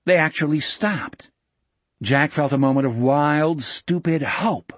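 A man narrating a novel in a measured, dramatic storytelling manner on a close mic. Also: a little high, no echo. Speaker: audiobook narrator. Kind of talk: scripted narration.

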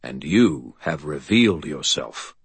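Cold commanding vampire king, deep husky voice, narrator putting him on, audiobook. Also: lively intonation, slow, dry recording, heavily acted. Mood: imperious. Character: imperious, angry male vampire king.

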